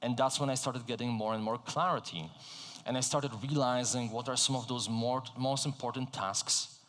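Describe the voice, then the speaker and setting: Polish-born male keynote speaker, energetic and chatty, mid-pitched voice, echoey conference hall. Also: normal speed. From Poland. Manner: energetic, conversational, engages the audience. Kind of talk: motivational keynote talk.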